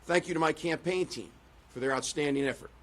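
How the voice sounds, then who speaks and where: Bright-voiced man giving a rhetorical speech. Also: on the high side, brisk. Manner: rhetorical, repeats phrases for emphasis. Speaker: political candidate. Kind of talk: concession speech and press questions.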